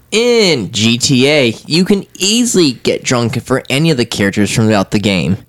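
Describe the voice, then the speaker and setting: Animated young man chatting about games. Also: normal speed, hardly any pauses. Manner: animated, jokey, swoops up and down in pitch. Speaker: podcast co-host. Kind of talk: casual chat about video games.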